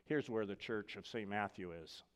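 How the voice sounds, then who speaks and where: A man's voice: fairly low pitch, normal speed, smooth. Male pastor preaching in a reverberant church. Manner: lively, conversational preaching, dropping to a hushed tone for scripture and prayer. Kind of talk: sermon. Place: church sanctuary.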